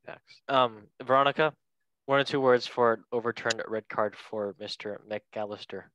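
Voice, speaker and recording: A man's voice: medium pitch, steady tone, normal speed, fairly bright tone, no echo, highs cut off. A man hosting a casual football podcast, chatty and joking, correcting himself as he reads through transfer news. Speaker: podcast host.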